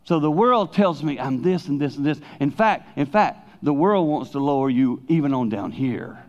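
A man's voice: a little high, animated, moderate pace, dull audio. Middle-aged man preaching a storytelling sermon. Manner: conversational storytelling preaching, dropping to hushed tones for emphasis. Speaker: pastor and speaker.

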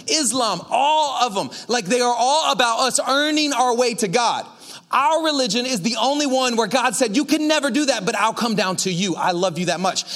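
A male pastor preaching a casual sermon, energetic and chatty with lots of asides to the congregation. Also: extremely high pitch.

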